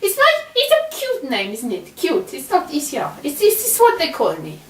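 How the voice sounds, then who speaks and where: A vain, scatterbrained self-proclaimed queen, played by a woman, rambling on in a haughty, sing-song voice. Her voice sits high and swoops all over the place. It is recorded off-mic in an echoey room. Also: wildly swooping pitch, moderate pace, recorded from a distance. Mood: boastful. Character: vain, muddled woman convinced she is a French queen. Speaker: improvised interviewee. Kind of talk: improvised comedy interview.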